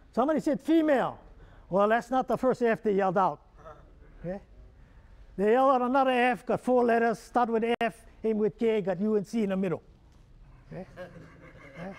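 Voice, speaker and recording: A man's voice: high voice, darkish tone. A man with a Hawaiian Pidgin accent giving a humorous keynote talk, joking and quizzing the audience with questions. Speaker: keynote speaker.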